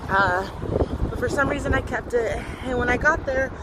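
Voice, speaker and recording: A woman in her twenties giving a candid vlog update outdoors, talking fast and loud, blunt and swearing a lot. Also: on the high side. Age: 20s. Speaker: vlogger. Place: outdoors on a windy day. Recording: wind noise on a phone recording.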